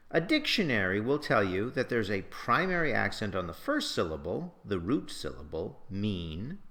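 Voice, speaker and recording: Male lecturer, mid-range voice, very animated intonation, patient scripted teaching delivery. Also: mid-range voice. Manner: explains slowly and patiently, sounding out syllables. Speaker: poetry teacher.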